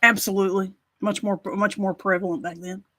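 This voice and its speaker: A woman's voice: medium pitch, little pitch movement, brisk, bright, forceful tone. A woman co-hosting a live stream, with a Carolina Southern accent, chatting casually and laughing often. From North Carolina. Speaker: co-host.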